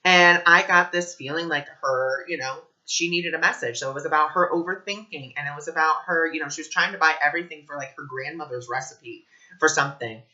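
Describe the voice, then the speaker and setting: A man giving a casual spiritual talk, earnest and animated, acting out the people in his stories. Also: on the high side, fairly quick, muffled recording. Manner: earnest, animated storytelling with quoted voices. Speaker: spiritual teacher.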